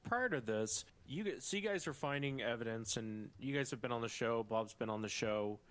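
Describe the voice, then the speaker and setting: A man's voice: mid-range voice, moderate pace, fairly bright tone. A man interviewing guests, laying out the backstory before he asks his question.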